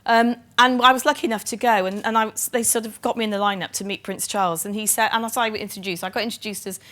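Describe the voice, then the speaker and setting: A middle-aged woman from Bristol, England, who is a chief nursing officer, gives a conference keynote in a Bristol accent. Her mid-range voice is a bit bright, steady in tone and fast. She's chatty and self-deprecating, with lots of ums.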